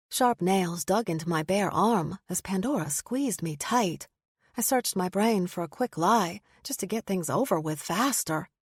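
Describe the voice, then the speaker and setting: A woman narrating a first-person audiobook in a measured, expressive storytelling manner, close to the mic. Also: on the low side, slightly rough, dry recording.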